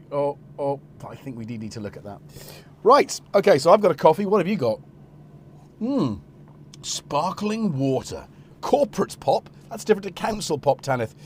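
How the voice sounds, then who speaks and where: A man's voice: on the high side, slight background noise. A middle-aged man hosting a casual live stream, rambling and joking while he talks to his cats.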